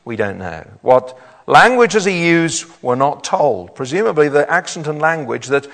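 A man's voice: a little high, big pitch swings, moderate pace, fairly bright tone. A man preaching a sermon, reading scripture aloud and then explaining it to his congregation. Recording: long hall reverb.

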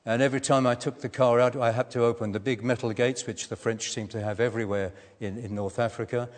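An older man preaching a sermon, telling a personal story in a measured way with gentle humour. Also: medium pitch, fairly even intonation. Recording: echoey hall.

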